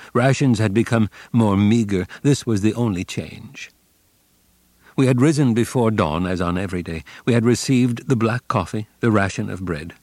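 A man narrating a memoir audiobook in a grave, measured, subdued way. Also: on the low side, a little mellow, no echo. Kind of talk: scripted narration.

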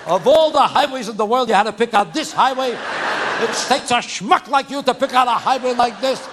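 A shrill, panicky middle-aged wife shrieks and scolds, as a male comedian puts her on. Her voice leaps high and swings wildly. It comes from a noisy live recording. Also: expressive, slow, crowd noise, exaggerated voice. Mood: scolding.

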